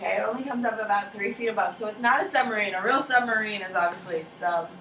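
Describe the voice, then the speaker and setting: A woman's voice: medium pitch, fast, sharp tone, slight background noise. A woman teaching a history class in a casual, joking way, quizzing students by name and acting out countries in funny voices. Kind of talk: classroom lecture. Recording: echoey classroom from far off with faint ambience.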